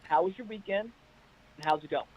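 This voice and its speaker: A man calling in to a casual chat show, telling stories in an energetic, hyped-up way. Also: sits high, brisk, slightly rough, poor audio. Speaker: caller guest. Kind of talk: casual chat on a video call. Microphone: internet call.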